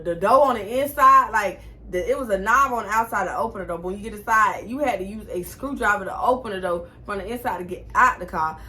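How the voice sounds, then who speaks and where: Young woman vlogger, bright voice, chatty storyteller who cusses freely. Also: medium pitch. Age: 20s. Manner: animated, chatty, swears freely. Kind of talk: casual storytime.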